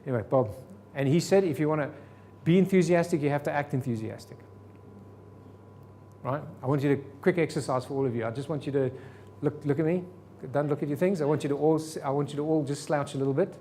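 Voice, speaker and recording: A man's voice: on the high side, fast talker, dark tone, slight background noise. A man teaching a sales seminar to a live audience, firing rhetorical questions at the room. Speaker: sales trainer.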